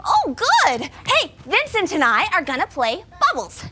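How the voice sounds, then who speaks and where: A woman's voice: very high-pitched, huge pitch swings, unhurried, noisy background, heavily acted. A woman performing live children's theatre, playing a spoiled, dramatic young princess in an exaggerated sing-song storytelling voice and chatting with the kids.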